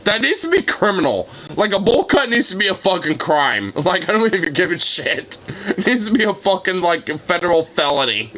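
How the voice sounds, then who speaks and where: A young man reacting to videos, excitable and exclamatory, laughing and swearing often. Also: high-pitched, moderate pace, slight background noise.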